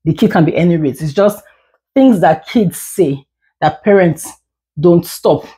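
A woman's voice: fairly low pitch, a little slow, mellow. Frustrated mother ranting to camera. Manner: frustrated, emphatic, repeats words when heated. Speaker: parent vlogger. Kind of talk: candid talking-head rant.

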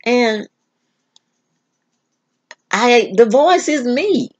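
A woman telling a personal story on her vlog in an earnest, halting way, often restarting. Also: on the high side, animated, slightly rough, highs cut off. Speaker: vlog host.

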